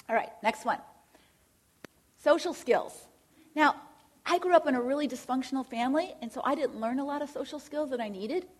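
High breathy woman teaching on faith. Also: a little fast. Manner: earnest, direct, asks rhetorical questions. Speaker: Christian counselor and speaker. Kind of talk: faith-based teaching talk.

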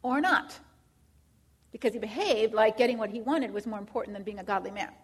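A woman's voice: fairly high pitch, brisk, slightly rough. A woman teaching counseling students, asking rhetorical questions and acting out what clients say. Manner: asks many rhetorical questions, acts out clients.

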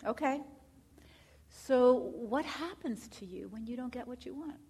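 A woman's voice: high-pitched, animated, a little slow, a little mellow, slightly rough. A woman teaching counseling students, asking rhetorical questions and acting out what clients say. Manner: asks many rhetorical questions, acts out clients.

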